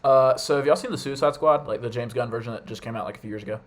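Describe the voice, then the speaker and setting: Fast-talking young male podcast host. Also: mid-range voice. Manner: enthusiastic, calls on each guest by name. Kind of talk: casual chat.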